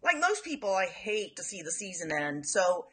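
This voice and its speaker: Bright, husky-voiced woman caller. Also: very animated, moderate pace. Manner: friendly, enthusiastic pitch of an idea. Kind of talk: casual recorded voice message.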